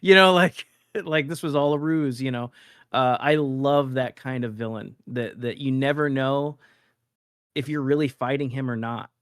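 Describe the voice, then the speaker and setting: A man as an interview guest, speaking in a relaxed, hesitant way with plenty of ums and uhs. His voice is of middling pitch, and the sound is dry and close. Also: normal speed, clear, resonant tone, no room sound. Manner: relaxed, many fillers and restarts. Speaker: guest artist. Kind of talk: casual interview chat.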